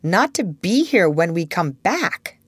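A woman's voice: on the low side, very animated, slow pace, breathy edge, no echo, exaggerated voice. A woman reading aloud voices an eager, self-assured schoolboy in a storybook.

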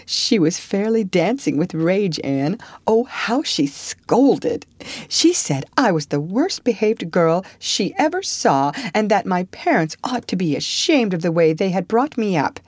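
A woman voicing a bold, loyal young girl who talks in an animated, indignant way. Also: medium pitch, a little slow, no echo, voice pushed up.

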